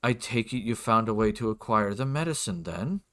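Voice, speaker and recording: A man voicing a sinister grey-skinned nobleman who speaks slowly, formally and with quiet menace. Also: fairly low pitch, animated. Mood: cool, probing.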